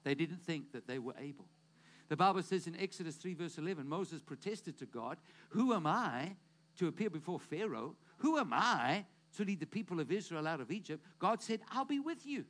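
A man preaching a sermon, retelling scripture with animated storytelling and acted-out dialogue. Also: a little high, moderate pace. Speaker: pastor.

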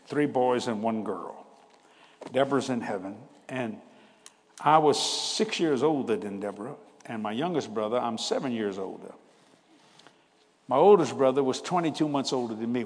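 In a large hall, a man in his seventies preaches a storytelling sermon, sharing family tales in a folksy, conversational style and laughing at his own stories. His medium-pitched voice is a little mellow and slightly rough.

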